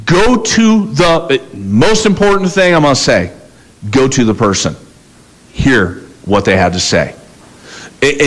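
A man's voice: medium pitch, low-quality recording. A man preaching a sermon as pastor, telling stories and acting out both sides of conversations.

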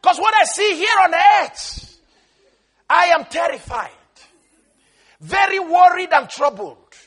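A preacher playing a frightened, troubled Holy Spirit who calls out anxiously to heaven. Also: male voice, very high voice, animated, slow, fairly bright tone, pitched above the performer's own voice, full character voice. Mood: terrified. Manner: anxious, pleading outcry.

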